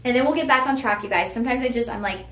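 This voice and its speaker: A shopping channel host runs a live stream, talking straight to her viewers in a chatty, heartfelt way with a folksy "y'all." Her fairly high, fairly bright voice comes rapid-fire in an echoey room.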